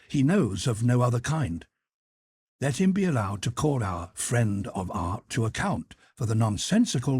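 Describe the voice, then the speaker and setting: Husky-voiced man reading an audiobook. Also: mid-range voice, a little mellow, dry recording. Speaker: audiobook narrator. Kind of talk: scripted narration of a philosophical essay.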